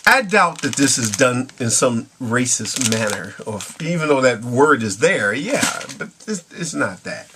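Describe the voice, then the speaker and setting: A middle-aged vlogger talks casually to camera, rambling and chuckling, now and then drifting into Spanish phrases amid his English. His medium-pitched voice has big pitch swings and a measured pace with few pauses, over background noise.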